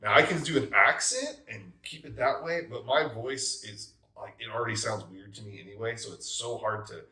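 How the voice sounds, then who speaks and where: A man's voice: lowish voice, moderate pace, sharp tone. A man who runs tabletop games, giving emphatic advice in a casual roundtable chat. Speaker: tabletop game master. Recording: roomy, distant mic.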